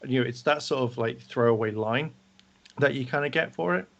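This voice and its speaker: A man co-hosting a casual review discussion, animated and quick to act out what characters said. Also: mid-range voice, lo-fi sound. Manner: animated, acts out characters' lines while talking. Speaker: podcast co-host.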